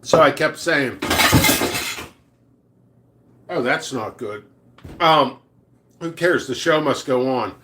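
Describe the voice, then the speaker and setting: A man's voice: medium pitch, measured pace, pushed and bright, a little hiss or hum. A middle-aged man who hosts a pepper seed channel, casually telling rambling, profane workplace prank stories, stammering and laughing as he goes. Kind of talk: casual storytelling vlog.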